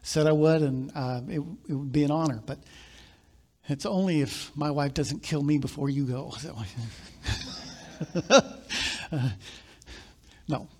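A male pastor with a notably high-pitched voice, preaching live in church. He tells stories in a low, confiding way, then lifts into loud, emphatic preaching. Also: slow pace, pauses often. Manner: storytelling, swinging from quiet asides to loud emphatic preaching. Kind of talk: sermon.

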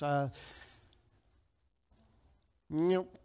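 A pastor delivering a sermon, talking conversationally and then breaking into emphatic, loud lines of scripture while he leads the congregation in call-and-response. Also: a little high, measured pace.

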